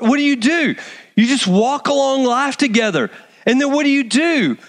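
A male preacher with a fairly high voice that leaps up and down as he talks. He preaches a sermon in a large church, chatty and animated, calling people up front. The sound carries a long hall reverb. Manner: animated, calls people up on stage. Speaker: pastor.

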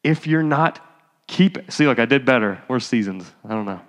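A man's voice: medium pitch, expressive, normal speed. Man preaching in a reverberant church hall. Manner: conversational preaching, rising to exhortation. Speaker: pastor. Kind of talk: sermon.

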